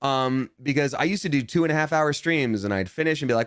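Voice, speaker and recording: A young adult man, a voice actor and guest, chatting casually in an interview and telling stories animatedly, swinging his pitch up when he jumps into quotes. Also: expressive, moderate pace, few pauses, a bit bright, no room sound, studio quality.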